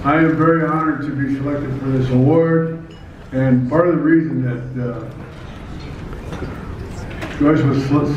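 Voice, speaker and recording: An older man from Nebraska giving a hall of fame acceptance speech, halting and self-deprecating, with many restarts. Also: medium pitch, distant mic, highs cut off, a little hiss or hum. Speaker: award recipient giving a speech.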